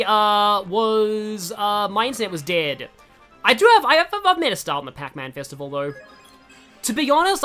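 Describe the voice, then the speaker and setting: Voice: medium pitch, sharp tone. A young adult streamer giving casual, rambling gameplay commentary, often breaking off mid-sentence. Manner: rambling, chatty, self-interrupting. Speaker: gaming streamer.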